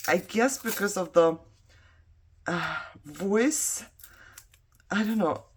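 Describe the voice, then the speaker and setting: A woman's voice: mid-range voice, animated, very slow, a little hiss or hum. A woman whose first language is not English, chatting and telling a story while she crafts, rambling, laughing often and talking to herself as she works. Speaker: craft vlogger.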